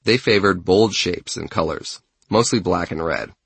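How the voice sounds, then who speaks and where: A man reading a scripted essay narration in a measured way, with a husky, gravelly voice. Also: deep voice, a bit bright, no echo.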